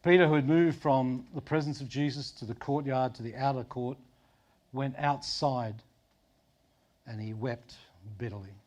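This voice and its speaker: A middle-aged Australian pastor preaching a sermon in a conversational way, dropping to soft low tones for emphasis. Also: male voice, fairly even intonation, unhurried. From Sydney, Australia.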